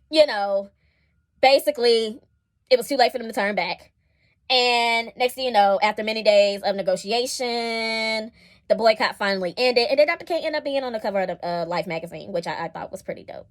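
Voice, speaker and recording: A woman giving a casual spoken review of TV episodes, chatty and expressive, with colloquial asides and frequent digressions. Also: a little high, normal speed. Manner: chatty and expressive, laughing and acting out scenes. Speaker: series reviewer.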